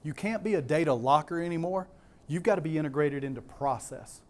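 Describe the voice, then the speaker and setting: A man's voice: on the high side, fairly quick, darkish tone. A man with a Southern US accent giving a keynote talk to a live audience, emphatic, repeating key words and putting questions to the crowd. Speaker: conference speaker.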